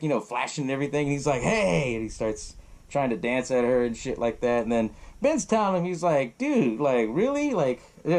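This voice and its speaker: A podcast host, a man, retelling a horror film in a loose, profane way and laughing often. His pitch jumps around a lot as he narrates. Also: darkish tone. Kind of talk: casual film recap.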